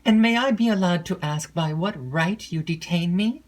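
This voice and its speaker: A woman's voice: on the low side, normal speed, close to an everyday voice. A woman voicing a frightened young woman who pleads with a faltering, tremulous voice. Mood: indignant. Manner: trembling, faltering, earnest.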